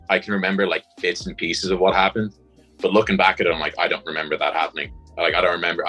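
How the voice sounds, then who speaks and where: Young man, Dublin accent, very low pitch, bright tone, rambling casual chat, faint music behind. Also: rough recording. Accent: Dublin Irish. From Ireland. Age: young adult. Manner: rambling, many "like" and "um" fillers. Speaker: guest, college punter.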